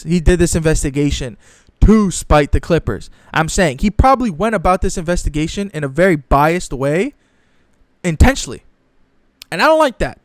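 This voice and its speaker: A man's voice: high-pitched, no room sound. A young man ranting in casual sports commentary, profane and exasperated, often mocking others in put-on voices.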